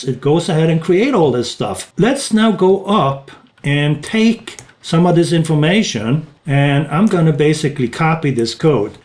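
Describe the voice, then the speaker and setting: Male tutorial presenter, slightly high voice, casual screen-demo narration with small restarts. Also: a little mellow. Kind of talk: screen-recorded software walkthrough.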